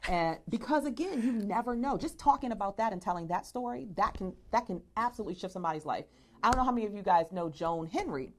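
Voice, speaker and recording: Fast-talking encouraging woman host. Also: medium pitch. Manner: energetic, encouraging, preacher-like cadence. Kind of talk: live online show interview.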